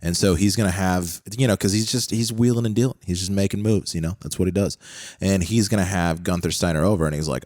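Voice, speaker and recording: A man co-hosting a podcast in casual chat, excitable and jokey, repeating himself often. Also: sits low, fast talker, few pauses, dry recording, clean studio sound. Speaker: podcast co-host.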